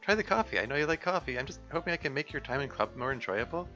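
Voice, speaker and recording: A man's voice: mid-range voice, animated, fast talker, sharp tone, faint music behind, pitched above the performer's own voice. A man voicing an anxious, cheerful teenage girl who stammers and blames herself, reading a visual novel aloud. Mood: coaxing. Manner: stammering, self-blaming.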